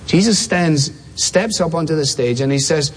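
A man preaching a sermon, emphatic, repeating key phrases and slowing down to stress words. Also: on the high side, husky. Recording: long hall reverb.

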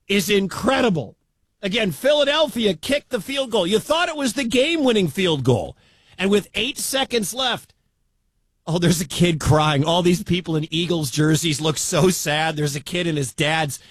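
Excitable radio play-by-play man. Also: sits high, no room sound. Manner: excitable, breaks into shouting at big plays. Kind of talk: live sports commentary.

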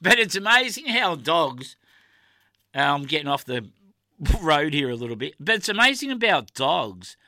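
A man's voice: a little high, sing-song, normal speed, pushed and bright, dry recording. A middle-aged Australian man hosting a radio show, chatting in a rambling, heartfelt way with plenty of fillers. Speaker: radio host. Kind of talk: casual radio chat.

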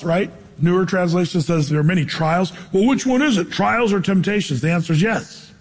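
A man's voice: high voice, breathy edge. A man preaching a sermon in a conversational way, asking the crowd questions, with his voice ringing out in a large hall. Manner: conversational preaching, rhetorical questions, shifting loudness. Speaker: pastor. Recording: long hall reverb.

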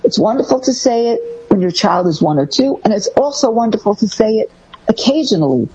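A woman co-hosting a casual talk show, giving parenting advice in an animated way and acting out things parents say. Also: fairly low pitch, husky, highs cut off. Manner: animated, acts out parent phrases. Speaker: co-host giving parenting tips.

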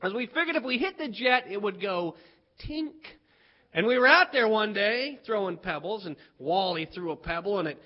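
A man from West Virginia with a notably high voice tells a childhood story, playful and animated, stretching out the key moments. The recording sounds somewhat dull and muffled. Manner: animated, playful, drawn-out pauses.

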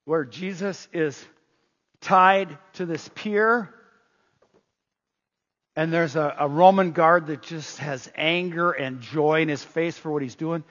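Male preacher, high voice, animated storyteller who stammers restarts; dull, muffled recording. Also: slow, pauses often. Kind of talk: sermon. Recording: muffled, long hall reverb.

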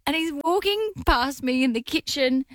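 A woman on a radio show tells a story in a lively, laughing way. Her pitch swings all over the place. The sound is close and dry, with no room around it. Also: moderate pace, no room sound. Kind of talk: casual chat, storytelling.

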